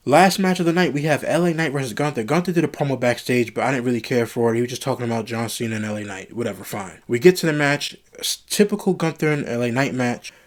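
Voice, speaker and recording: A man talks through his solo wrestling show review, his pitch sitting at an ordinary middle height. He gets frustrated often and circles back over the same complaints. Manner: frustrated, ranting, repeats himself.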